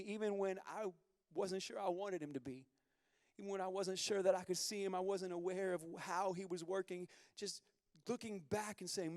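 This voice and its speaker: A man preaching a sermon as pastor, candid and conversational, moving from quiet confession to loud bursts. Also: sits high, moderate pace, no echo, clean studio sound, big-room sound.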